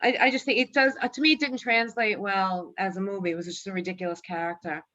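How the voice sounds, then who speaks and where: A woman's voice: medium pitch, steady tone, fast, bright, forceful tone, highs cut off. A woman with a New York accent giving frank, opinionated views in casual chat. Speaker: podcast panelist.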